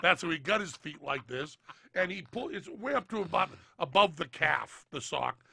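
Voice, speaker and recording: High, gravelly, sharp-voiced male comic. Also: expressive, normal speed. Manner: rambling, acts out both sides of imagined dialogue. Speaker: podcast co-host. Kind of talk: comic storytelling.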